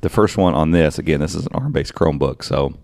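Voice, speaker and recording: A man co-hosting a podcast, chatting casually about tech and thinking aloud in a rambling, animated way. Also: extremely low pitch, fast, vocal fry, dry recording, studio quality. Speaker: podcast co-host.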